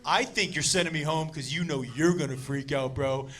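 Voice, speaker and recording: A man on stage voicing his indignant, boastful older brother who panics and yells. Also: fairly high pitch, normal speed, voice pushed down. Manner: whiny, indignant, yelling. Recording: stand-up stage with loud audience.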